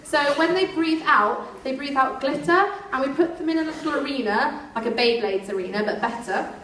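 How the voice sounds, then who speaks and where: A woman's voice: high voice, normal speed, a bit bright, reverberant. A woman performing whimsical live comedy storytelling to an audience, playful and teasing. Recorded on a distant phone in a noisy room.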